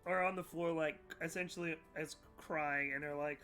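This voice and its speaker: A young man running a tabletop game as game master, animated, voicing characters and making sound effects. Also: fairly high pitch, moderate pace, few pauses, faint music behind.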